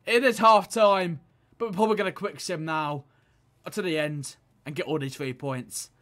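A man giving excited video game commentary, swinging from muttered pleading to loud shouting. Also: a little high, normal speed. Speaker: gaming video creator.

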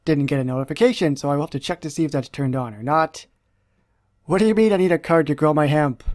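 A man's voice: fairly high pitch, fast, darkish tone. A man, a YouTuber, giving chatty and amused commentary over a mobile game walkthrough, recorded close on a dry mic. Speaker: gaming YouTuber.

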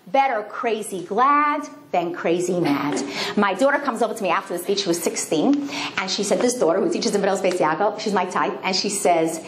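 A middle-aged woman giving an inspirational talk to a women's group, telling stories with lively acted-out quotes. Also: mid-range voice, a little fast. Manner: animated storytelling with sung and acted-out quotes. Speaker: speaker. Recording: echoey room with faint background noise.

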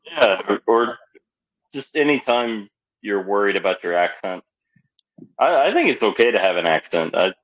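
Low-voiced man on a dull call line. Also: big pitch swings, moderate pace, long pauses, fairly bright tone. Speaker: guest speaker. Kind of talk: casual advice in online Q&A.

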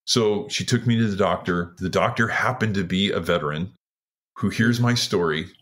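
Deep-voiced man in his sixties, storytelling. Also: moderate pace, fairly bright tone. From Washington State, USA. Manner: earnest, acts out others' words while telling a story. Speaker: retired firefighter guest. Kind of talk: candid interview storytelling.

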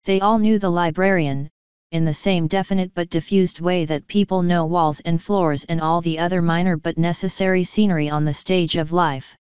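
Woman reading an audiobook, very clear. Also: on the low side, steady tone, moderate pace, darkish tone, dry recording, highs cut off. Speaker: audiobook narrator. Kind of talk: scripted audiobook narration.

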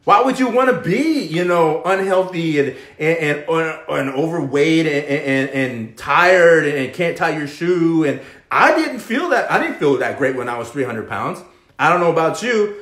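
Animated man giving a pep talk. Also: fairly high pitch, roomy sound. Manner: pep-talk, keeps asking "okay?" and "right?"; animated, swings between loud and hushed. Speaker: fitness live-stream host. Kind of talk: motivational live-stream talk.

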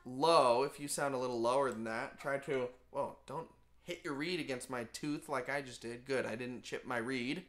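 A man's voice: mid-range voice, normal speed, fairly bright tone, soft background music. Man, band teacher, patient, simple explanations, casual lesson.

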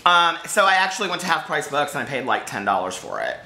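A man's voice: a little high, big pitch swings, fast, vocal fry, bright, forceful tone, echoey room. A man chatting casually and playfully to camera as a book vlogger.

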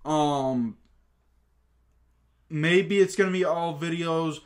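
A man's voice: on the high side, slow pace. A man hosting his own channel, giving football playoff predictions in a rambling, chatty way full of fillers and asides. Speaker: channel host. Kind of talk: casual sports prediction talk.

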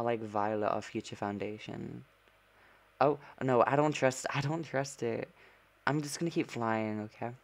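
A man giving sassy, chatty gameplay commentary as a streamer, breaking into sudden squeals of surprise. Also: mid-range voice. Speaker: gaming streamer.

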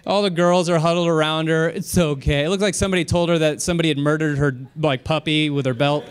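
A man doing a stand-up comedy set on a club stage, telling stories with animated delivery, jumping up high when excited and laughing along with himself. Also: fast talker, clean tone.

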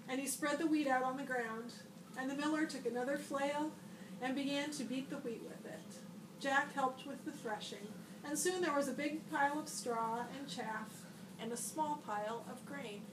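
A woman with a high voice reads a picture book aloud to children, lifting her voice brightly for the boy's shouted lines. She sits a little away from the mic. The room is echoey, with steady noise behind her. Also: measured pace, distant mic. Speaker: school librarian.

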